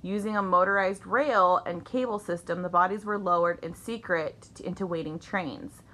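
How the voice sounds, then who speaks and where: A woman's voice: normal speed, sharp tone. A woman co-hosting a casual podcast, swearing freely and reading an article aloud. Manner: swearing, giggly, reads in a lowered voice. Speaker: podcast co-host.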